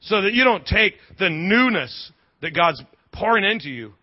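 Animated, husky-voiced preaching man. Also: sits high, dry recording, dull audio. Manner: animated, humorous preaching with quick asides and repeated words. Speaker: pastor. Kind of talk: sermon.

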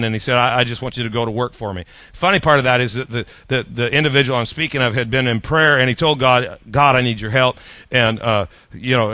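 Folksy male preacher, bright forward tone, close dry recording. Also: mid-range voice, dry recording. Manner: folksy, conversational with rhetorical questions to the audience. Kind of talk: sermon storytelling.

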